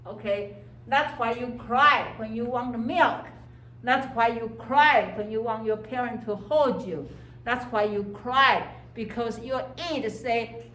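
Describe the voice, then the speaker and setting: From a distant mic in an echoey classroom, a woman with a fairly high, slightly bright voice lectures slowly on psychology. Her English shows non-native grammar, and she keeps asking "okay?" while acting out inner voices.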